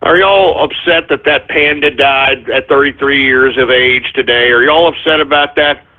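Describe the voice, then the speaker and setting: A man hosting a live internet radio show, brash and profane, mocking his listeners and breaking into sudden shouts. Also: mid-range voice, fairly even intonation, normal speed. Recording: tinny phone-like lo-fi sound.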